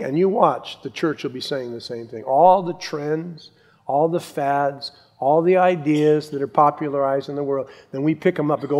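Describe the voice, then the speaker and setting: A middle-aged male pastor preaching a sermon, emphatic, with rhetorical questions and quiet asides. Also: a little high, normal speed.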